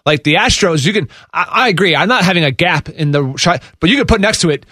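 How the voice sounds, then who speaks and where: A man's voice: high-pitched, dry recording, clean studio sound. A man co-hosting a sports radio show, ranting casually and emphatically. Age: adult with young children. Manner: animated, emphatic, quick rants.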